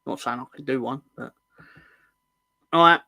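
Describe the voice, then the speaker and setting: A man's voice: mid-range voice, moderate pace, pushed and bright, dry recording. A man hosting a football fan livestream in casual chat, rambling and joking, often correcting himself mid-sentence. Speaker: host of a football fan show.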